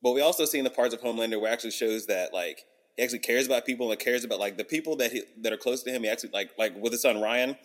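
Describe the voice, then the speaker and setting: A man's voice: mid-range voice, very fast, in a large hall. A man, talking loosely with lots of slang and swearing as a podcast co-host. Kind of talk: casual chat.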